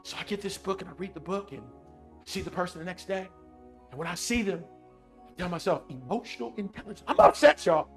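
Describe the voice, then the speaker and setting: A man giving a motivational keynote talk, telling a story dramatically and repeating phrases for emphasis, swinging between loud and hushed. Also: high-pitched, a little fast, soft background music. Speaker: keynote speaker.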